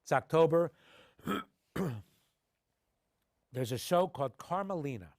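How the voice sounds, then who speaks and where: A middle-aged man, an actor being interviewed, telling animated stories and acting out the people in them. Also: a little high, measured pace, no room sound, clean studio sound. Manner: animated anecdotes, acting out quoted voices. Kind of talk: conversational storytelling. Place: television studio.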